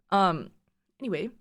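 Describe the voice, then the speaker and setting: A woman's voice: medium pitch, slightly rough, no echo, studio quality. A young woman streamer reading a story aloud and breaking off into laughing, swearing, rambling asides. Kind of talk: reading fanfiction aloud with reactions.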